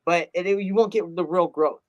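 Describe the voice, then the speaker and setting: A man, a rap artist, telling a personal story in an earnest, animated way, often laughing and acting out quotes. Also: sits high, fairly quick, dry recording. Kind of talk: casual interview storytelling.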